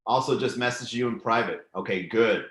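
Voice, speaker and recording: A man's voice: medium pitch, a little fast, fairly bright tone, echoey room. A man hosting a live comedy stream, chatting loosely and profanely as he reads and riffs on viewer comments. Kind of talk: casual live-stream chat reading comments.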